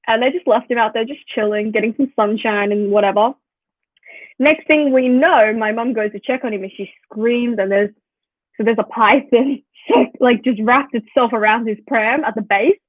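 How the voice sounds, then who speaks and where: With a fairly high voice and no echo, this Australian woman in her twenties vlogs in a chatty way, sprinkling "like" throughout her animated storytelling to viewers. The recording sounds dry and tinny, much like a phone.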